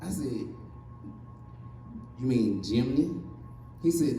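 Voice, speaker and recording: A man's voice: fairly high pitch, fairly quick, warm tone, echoey room, recorded from a distance, soft background music, low-quality recording. A man in his forties doing a stand-up comedy set, telling family stories and acting out his relatives' voices. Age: 40s. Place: comedy stage.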